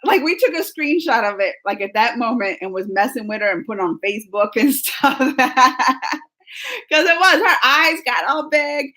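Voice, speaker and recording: A woman hosting a casual live chat, talking fast with lots of "like" and "y'all", laughing and reading out viewer comments. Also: high-pitched. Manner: animated, laughing, full of "like" and "y'all". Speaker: live stream host.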